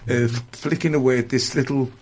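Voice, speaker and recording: An older man with a husky, slightly breathy voice recalls his years as a stage impressionist. He tells his stories in a rambling, anecdotal way, restarting sentences as he goes, at an ordinary middle pitch. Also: steady tone, brisk, a little mellow. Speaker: guest entertainer and impressionist. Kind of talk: reminiscing in a conversational interview.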